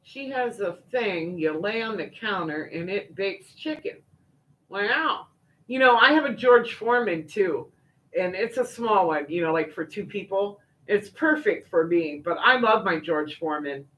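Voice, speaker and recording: Older woman, livestream host, loose folksy chat, lots of fillers and asides, mid-pitched voice. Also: expressive, a little slow, lo-fi sound. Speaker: livestream host reading viewer comments. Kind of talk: casual chat.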